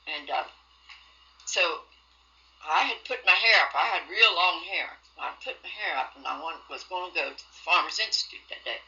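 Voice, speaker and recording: A woman's voice: low voice, lively intonation, moderate pace, sharp tone, muffled recording. An older woman from West Virginia, telling rambling folksy stories from her youth in an oral history interview. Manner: rambling folksy storytelling, dialect grammar.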